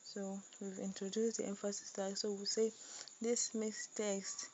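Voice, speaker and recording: Slow, flat-voiced woman dictating code. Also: medium pitch, dull audio, slight background noise. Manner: dictates slowly while typing, repeats phrases. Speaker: coding tutor. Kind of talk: screen-recorded coding tutorial.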